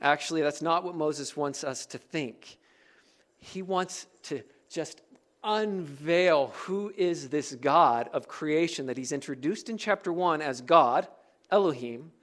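A man with a fairly high voice preaches a sermon from the pulpit. He puts questions to the congregation and shifts his pace and volume to stress key words. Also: animated, slow. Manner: varies pace and loudness for emphasis. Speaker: pastor.

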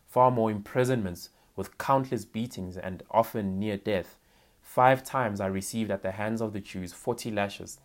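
Lower-voiced man preaching a sermon. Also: darkish tone. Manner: conversational teaching, often asks "right?"; reads scripture aloud with emphasis.

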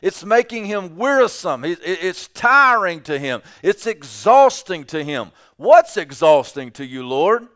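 A man's voice: sits high, sing-song, unhurried, hardly any pauses, fairly bright tone. A man preaching a sermon as pastor, emphatic, often repeating his phrases for weight.

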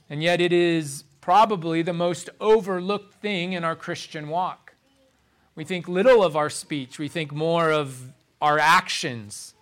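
A man with a high voice preaches to his congregation at an unhurried pace. He speaks deliberately, slowing further to lean on key phrases as he walks through scripture. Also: a bit bright. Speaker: pastor. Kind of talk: sermon.

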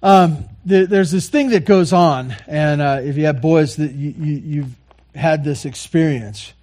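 A man preaching a sermon, earnestly repeating key phrases and moving between quiet, soft lines and louder passages. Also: a little high, measured pace. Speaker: pastor.

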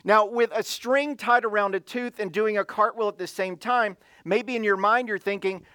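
A male pastor with a high voice delivers a sermon. He tells a story from home and keeps putting questions to his listeners. The sound is close and dry, with little room around it. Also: fairly even intonation, normal speed, hardly any pauses, bright, forceful tone, smooth, no room sound. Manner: storytelling, asks the audience questions.

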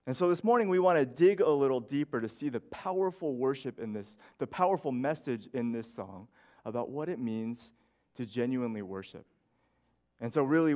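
A man's voice: medium pitch, a little mellow. A man in his thirties preaching a sermon as pastor, earnest and conversational, often checking in with "you know" and "right?".

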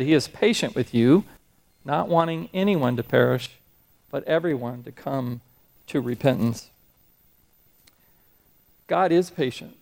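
A middle-aged man preaching a sermon, speaking earnestly and slowing down when he reads scripture and hymn verses. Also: a little high, vocal fry, darkish tone. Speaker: pastor.

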